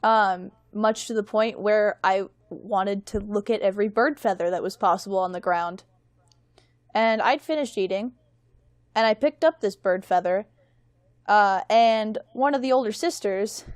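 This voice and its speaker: A woman's voice: medium pitch, no room sound. Rambling young woman telling stories, dry sound. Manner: rambling and self-mocking, quick laughs. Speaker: guest. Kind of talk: casual storytelling on a podcast.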